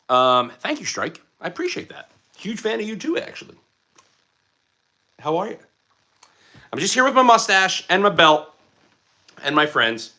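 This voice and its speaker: Playful bright-voiced man hosting a livestream. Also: a little high, big pitch swings, moderate pace. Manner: playful and goofy, slips into silly voices. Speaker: livestream host. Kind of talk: casual livestream chat reading comments.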